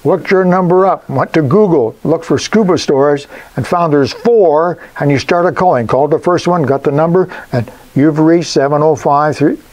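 An older man giving casual business advice on phone manners, emphatic and folksy, with lively jumps in pitch. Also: moderate pace, few pauses, low-quality recording. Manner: animated, emphatic, folksy asides. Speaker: business coach.

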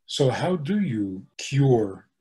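Animated rabbi teaching, lively pitch. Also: male voice, takes it slowly. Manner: animated, acts out the angry voices he quotes; rhetorical questions he answers himself. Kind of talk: teaching talk on anger.

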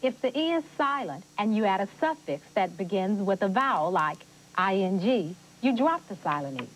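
A woman's voice: mid-range voice, sing-song, moderate pace, a little hiss or hum, natural voice, low-quality recording. An actress playing a patient woman tutor who explains spelling rules in a scripted educational TV lesson. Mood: explaining. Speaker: teacher.

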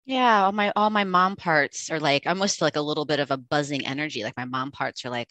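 A woman's voice: lowish voice, lively intonation, brisk, sharp tone, no room sound. A woman hosting a podcast interview, responding in an enthusiastic, affirming way. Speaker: podcast host.

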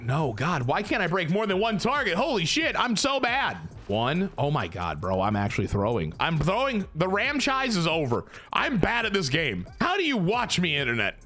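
With a pushed, bright voice on the high side, a young YouTuber swears often as he plays a football video game. His commentary stays casual and pokes fun at himself.

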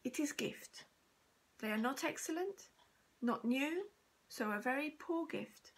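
A woman voicing a generous, lively elderly male shopkeeper who speaks in broken English. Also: high-pitched, slow. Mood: kindly. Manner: broken English, warm exclamations.

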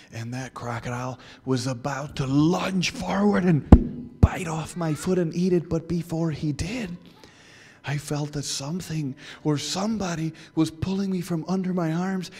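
A man telling a story to children in church, animated, asking the listeners questions and dropping to whispers. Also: high-pitched. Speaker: guest speaker.

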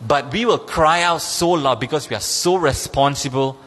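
A man preaching a sermon as pastor, emphatic and repetitive, pushing his pitch up on key points. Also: moderate pace, fairly bright tone. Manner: emphatic, repeats key phrases, rises in pitch when stressing points. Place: church sanctuary. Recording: long hall reverb.

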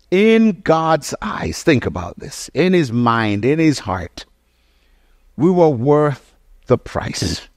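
Male preacher, sermon, rhetorical questions, swooping animated delivery, dry close sound. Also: a little high, takes it slowly, no echo. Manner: emphatic, rhetorical questions to the audience; restarts and corrects himself mid-phrase. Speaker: pastor.

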